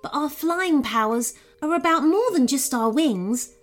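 A woman voicing a kind female unicorn who pleads gently and earnestly for help. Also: high-pitched, expressive, measured pace, faint music behind, voice pushed up.

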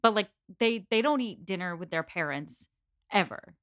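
A woman's voice: medium pitch, expressive, normal speed, fairly bright tone, no room sound, studio quality. A woman co-hosting a casual book discussion, wry and explaining historical context with casual swearing. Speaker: podcast co-host.

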